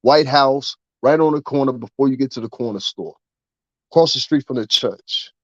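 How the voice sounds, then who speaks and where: A man ranting straight at his listeners, cursing freely and rambling from one point to the next, his voice climbing when he gets heated. His voice sits at a middle pitch. The recording sounds dry and a little dull and lo-fi. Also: moderate pace, no room sound. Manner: profane, animated, rambling. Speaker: vlogger. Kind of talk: ranting commentary.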